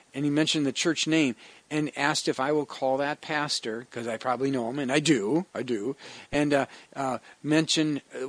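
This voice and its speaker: A man's voice: mid-range voice, no echo. A man giving a conversational devotional sermon as a pastor, earnest in tone and often restarting his phrases.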